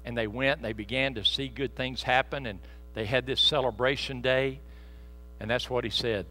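A man preaching a sermon in a church, telling stories folksily and swinging from soft asides to loud, fervent peaks. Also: medium pitch, moderate pace, low-quality recording. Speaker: pastor. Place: church sanctuary. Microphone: handheld microphone.

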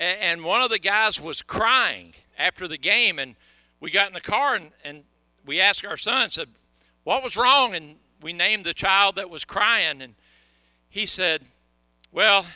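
A man's voice: fairly high pitch, bright, forceful tone, no room sound. A middle-aged male pastor preaching a sermon in a conversational, storytelling way, often restarting his sentences.

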